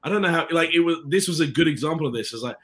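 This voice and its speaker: A man's voice: a little high, expressive, rapid-fire, fairly bright tone. A man with an English accent, an actor telling rambling, self-interrupting anecdotes in a casual interview chat over a video call. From England.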